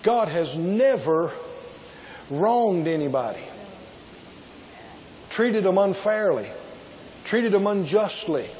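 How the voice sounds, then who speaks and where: A man's voice: high-pitched, very animated, takes it slowly, pauses often, dull audio, slight background noise. A man preaching a sermon, emphatic and drawn out, repeating key words and asking his listeners rhetorical questions. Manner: asks the congregation rhetorical questions.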